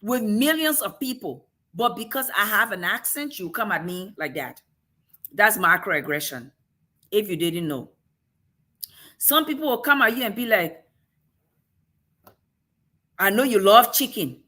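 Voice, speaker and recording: A woman's voice: mid-range voice, lively intonation, normal speed, sharp tone. A woman from Africa with an African accent, hosting a casual talk-show discussion and making emphatic points with pointed rhetorical questions.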